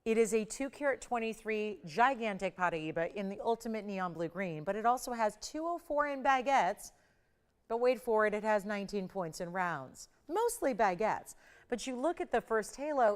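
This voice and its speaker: A woman's voice: mid-range voice, expressive, normal speed, clean tone. A middle-aged woman hosting a live TV jewelry sale, chatting enthusiastically and building up prices playfully. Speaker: shopping channel host.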